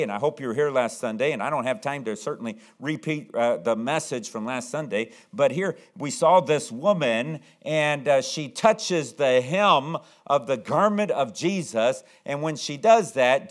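A man's voice: medium pitch, animated, normal speed, hardly any pauses. A man preaching a sermon who often acts out the pleading voices of the people in his story. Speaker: pastor.

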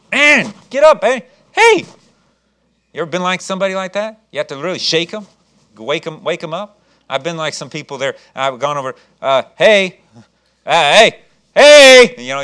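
A man delivers a sermon from the pulpit, telling a scripture story with animated energy. His voice sits a little high, and he swings from loud calls down to quiet, earnest appeals. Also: fast. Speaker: pastor.

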